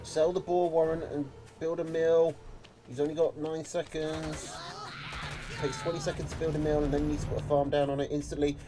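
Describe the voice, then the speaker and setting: A man's voice: on the high side, level tone, moderate pace. A man giving casual play-by-play commentary on a strategy game, chatty and analytical, with filler words. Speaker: caster. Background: music.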